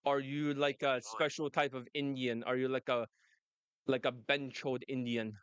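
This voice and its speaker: A man's voice: mid-range voice, little pitch movement, a little slow, fairly bright tone, clean tone, no echo, muffled recording. A man coaching on dating, talking brashly and laughing often in casual chat. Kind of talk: casual monologue and phone call.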